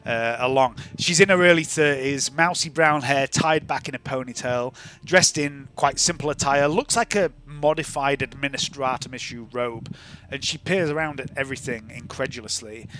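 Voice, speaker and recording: A man's voice: medium pitch, moderate pace, sharp tone. A man narrating as game master of a tabletop role-playing game, describing scenes with animation.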